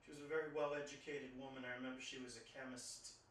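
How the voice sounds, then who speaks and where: An older man from New York recounts a memory in a halting, reflective manner, circling back over his words. His voice sits far from the microphone in a strongly echoing room, with a faint hiss beneath. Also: medium pitch, level tone, fairly bright tone. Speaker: storyteller. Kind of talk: personal storytelling. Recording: very echoey room, distant mic.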